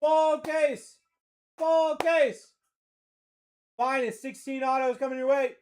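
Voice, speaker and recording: A man from Maine with a Maine accent hosts a live card-breaking stream, calling pulls with energetic, slangy banter and shouting over big hits. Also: extremely high pitch, takes it slowly. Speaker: card-breaking livestream host. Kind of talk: excited live sales commentary.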